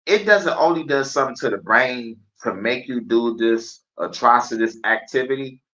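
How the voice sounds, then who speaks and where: A man's voice: medium pitch, moderate pace, a bit bright. A man hosting a live stream, rambling in a casual, profane monologue and laughing often. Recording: dull lo-fi stream audio.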